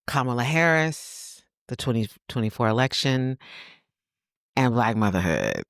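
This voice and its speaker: A woman with a Southern American accent co-hosts a casual podcast, her pitch swinging widely as she talks. She laughs easily and keeps her phrasing loose and colloquial. The sound is close and dry. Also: big pitch swings, measured pace, smooth, no room sound. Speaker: podcast co-host.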